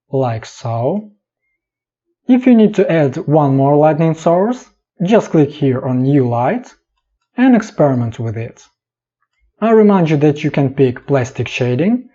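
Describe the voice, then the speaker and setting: A man narrating a step-by-step software tutorial in calm, clipped instructions. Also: a little high. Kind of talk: step-by-step screen tutorial voice-over. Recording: dull lo-fi voice-over.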